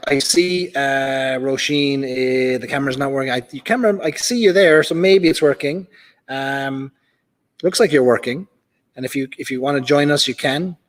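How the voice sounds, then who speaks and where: A man with an Irish accent hosting a live whiskey stream, chatting casually and reading out viewer comments from a club hall. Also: medium pitch. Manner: chatty, reads out viewer comments, many fillers. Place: large club function hall. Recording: reverberant hall.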